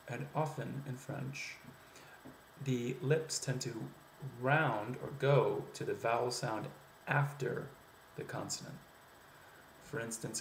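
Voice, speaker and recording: A man teaching pronunciation as an accent coach, explaining step by step with many "um" pauses and spoken demonstrations. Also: mid-range voice, vocal fry, a little hiss or hum. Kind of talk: instructional video lesson. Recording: echoey room, faint ambience.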